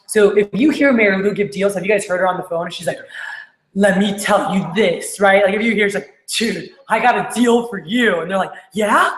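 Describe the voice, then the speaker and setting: A woman giving an energetic sales training talk to managers, acting out phone calls in quick quoted voices. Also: medium pitch, reverberant, poor audio.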